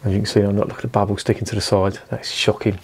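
A man's voice: lowish voice, little pitch movement, racing, darkish tone, breathy edge. A man rambling chattily through a casual beer review vlog, with plenty of fillers and the odd swear word.

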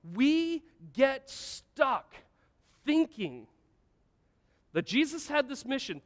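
A man's voice: very high voice, very animated, very slow, long pauses. A man preaching a sermon as pastor, earnest and emphatic, asking the congregation rhetorical questions. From United States. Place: church sanctuary. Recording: long church-hall reverb.

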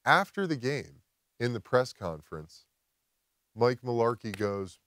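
A man, a podcast guest, telling a personal story outdoors in casual chat, animated and swearing freely. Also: medium pitch, unhurried, no room sound. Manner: animated, swears a lot, acts out quotes. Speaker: podcast guest, former football player.

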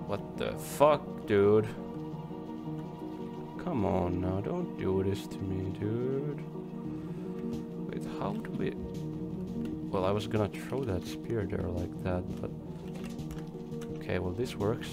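A young man casually commenting on his gameplay, chatty and swearing, his voice hoarse from coughing. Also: lowish voice, lively intonation, slow pace, long pauses. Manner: chatty, swears, talks to creatures on screen. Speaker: let's play gamer. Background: game music.

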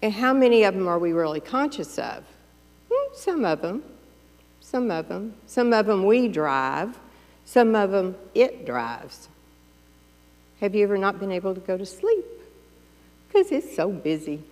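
A woman's voice: mid-range voice, very animated, a little slow, pauses often, a little mellow, big-room sound. A woman pastor giving a sermon in a conversational, playful way, acting out the voices of everyday thoughts. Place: church sanctuary.

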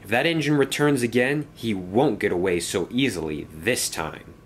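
A man's voice: on the low side, lively intonation, moderate pace, a little hiss or hum, lightly acted. A man voicing a thoughtful male steam engine who talks in an earnest, cautious way. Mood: resolute.

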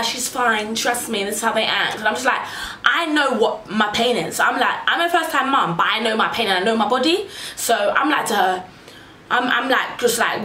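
A young woman telling a personal story to camera in a casual, animated way, acting out what people said. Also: medium pitch. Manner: animated, acts out quotes in raised voices. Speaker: vlogger. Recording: echoey room, faint noise.

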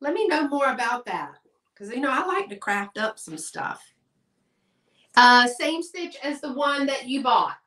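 A woman's voice: high voice, lively intonation, measured pace, sharp tone, recorded from a distance. A middle-aged woman, hosting a live sale in a chatty style and addressing viewers by name. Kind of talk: live-stream sales chat. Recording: echoey room, voice off-mic.

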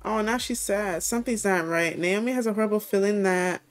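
A woman's voice: mid-range voice, fairly quick. A young woman giving chatty, playful commentary while playing a life simulation game, laughing often. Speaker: gaming creator.

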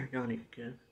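With a sharp, mid-range voice, a young man signs off casually from his gaming playthrough. He's in a playful mood, cracking up over his own bungled intro retakes.

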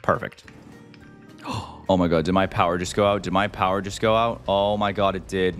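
A man giving excitable gameplay commentary as the host, talking to himself and to viewers and calling everyone "dude". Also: sits low, normal speed, faint music behind. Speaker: gaming video host.

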